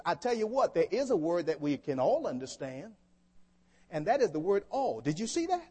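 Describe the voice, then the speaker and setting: A man's voice: high voice, big pitch swings, brisk, a little mellow, breathy edge. A man preaching a sermon to a congregation, often asking them questions to draw them in. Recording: long hall reverb.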